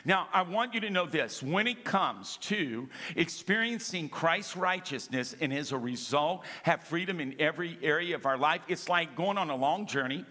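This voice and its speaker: A man's voice: fairly high pitch, normal speed, few pauses. A middle-aged man preaching a sermon to a congregation, calling out to them and acting out little scenes. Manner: animated preaching with audience call-outs. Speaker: pastor. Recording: long reverb of a large hall.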